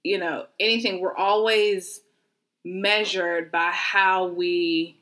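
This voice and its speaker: A woman's voice: fairly low pitch, fairly even intonation, slow pace, a bit bright. A woman co-hosting a podcast in casual chat, speaking emphatically and reflectively. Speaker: podcast co-host.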